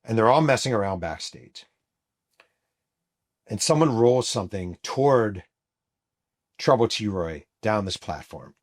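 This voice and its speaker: A middle-aged man with a low, slightly husky voice narrates a true story as a show host. He tells it vividly and throws himself into the quoted shouts of the people he describes. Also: expressive, unhurried, pauses often. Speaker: host and author.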